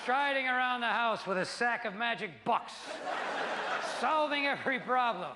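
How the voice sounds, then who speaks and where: A man doing a stand-up routine, animated and crude, acting out voices for his punchlines on a live stage. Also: very high-pitched, moderate pace. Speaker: stand-up comedian. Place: theater stage before a laughing audience. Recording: live stage with long reverb and loud noise.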